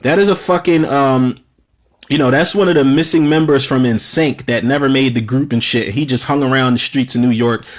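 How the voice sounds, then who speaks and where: A man in his thirties hosting a podcast, casually reviewing films in a profane, animated rant full of fillers. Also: medium pitch, normal speed. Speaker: podcast host, film reviewer. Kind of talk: casual spoken film review.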